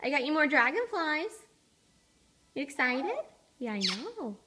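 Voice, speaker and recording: High sing-song woman cooing to pets. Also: big pitch swings, measured pace, pauses often, heavy background noise. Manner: sing-song and affectionate toward animals. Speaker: pet owner vlogger. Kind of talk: cooing baby talk to pets.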